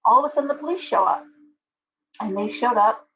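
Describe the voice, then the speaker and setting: A woman's voice: fairly high pitch, fairly quick, a bit bright, highs cut off, slight background noise. A woman hosting a live stream, answering chat viewers by name in an opinionated, ranting way. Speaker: livestream host.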